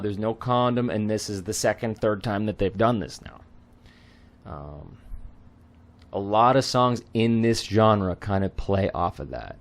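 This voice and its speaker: A man explaining song lyrics line by line as a tutor. He is hesitant, often pausing on ums and clearing his throat. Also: fairly low pitch.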